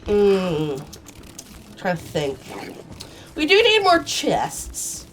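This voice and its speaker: A woman commentating her own gameplay, swearing and yelling at the screen in sudden bursts, sometimes putting on a playful old-fashioned voice, on a cheap mic. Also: medium pitch, extremely slow, noisy background. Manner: excitable, swears a lot, sudden outbursts. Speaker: gaming channel host. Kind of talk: solo game commentary. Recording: cheap mic, faint game music.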